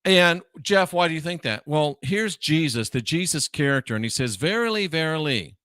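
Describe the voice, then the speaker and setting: A man's voice: on the high side, moderate pace, a bit bright, dry recording, studio quality. A man hosting a religious commentary show, talking emphatically, repeating phrases for stress and dropping wry asides. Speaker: host.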